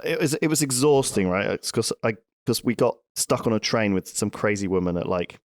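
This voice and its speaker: A man's voice: lowish voice, animated, brisk, no room sound. Man, podcast cohost, rambling anecdote, swears a lot, dry close sound. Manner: rambling, swears freely, laughs through anecdotes. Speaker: podcast co-host. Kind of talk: casual storytelling chat.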